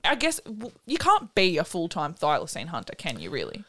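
A woman's voice: lowish voice, huge pitch swings, brisk, bright, forceful tone. Woman, podcast co-host, casual chat, giggly, rambling, lots of fillers.

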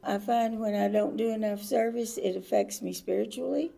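A woman's voice: mid-range voice, normal speed, gravelly, dark tone. A woman giving earnest interview answers at a conference. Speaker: conference attendee, AA member.

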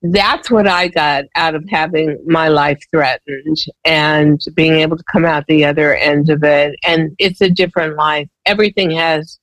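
A woman's voice: low-pitched, fairly even intonation, normal speed, few pauses, dry recording, poor audio. A woman sharing personal stories as a guest in a conversation, candid, emotional and emphatic.

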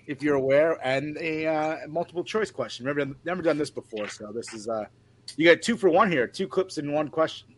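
A man's voice: fairly high pitch, brisk, a bit bright. A young man co-hosting a casual podcast and running a trivia segment, upbeat and rambling with restarts. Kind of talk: casual chat, quizmaster.

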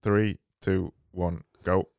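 A man's voice: low-pitched, little pitch movement, slow, gravelly, a little mellow, clear, resonant tone, dry recording, studio quality. A man hosting a podcast, teasing his co-hosts and directing them. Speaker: podcast host. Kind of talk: casual chat.

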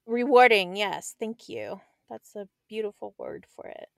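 A woman's voice: medium pitch, unhurried, vocal fry, dry recording, clean studio sound. A woman with an American accent co-hosting a podcast in casual chat, giggly and agreeable. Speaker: podcast co-host.

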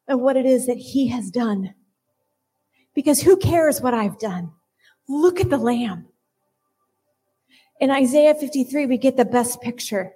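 A woman's voice: a little high, a little mellow, slightly rough. A woman speaking in church, reading scripture aloud in an earnest, reverent way.

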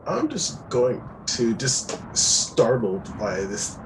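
A man's voice: medium pitch, sing-song, slow, background noise. A man playing a tabletop game, chatting and laughing as he describes his character's turn. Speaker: player. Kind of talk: casual tabletop play.

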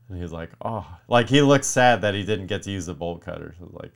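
A man's voice: sits low, fast, few pauses. A young man casually telling a rambling, profane story to his viewers, dropping into muttered whispered curses.

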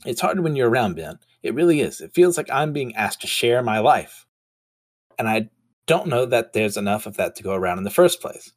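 Man reading as a gentle, weakened young man. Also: mid-range voice, big pitch swings, moderate pace. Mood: earnest.

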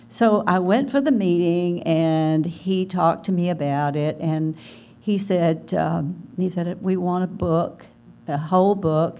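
An older woman from Alabama, telling an animated story as a guest speaker at a writers conference. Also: medium pitch. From Alabama, USA. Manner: animated storyteller, acts out quoted voices. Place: conference hall.

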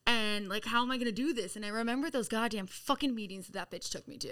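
A woman's voice: fairly high pitch, fast. A woman guest on a podcast telling her story in casual, profane speech, acting out quoted lines. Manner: animated, profane, acts out quotes.

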